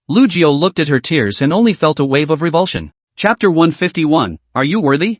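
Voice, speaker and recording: A man's voice: on the high side, big pitch swings, brisk, hardly any pauses, no room sound. A man narrating a fantasy story recap in a dramatic reading style.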